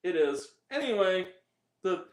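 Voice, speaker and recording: A high-pitched man rants profanely about bad movies, sliding into exaggerated mocking voices as he goes. His voice rings in a roomy, echoey space, and the talk stays loose and exasperated. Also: big pitch swings, a little slow. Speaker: podcast host. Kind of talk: casual movie ranting.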